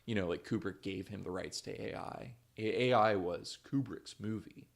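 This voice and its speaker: A man co-hosting a casual movie podcast, talking excitedly in long rambling runs and swearing freely. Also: fairly low pitch, moderate pace, vocal fry. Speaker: podcast co-host. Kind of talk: casual chat among friends.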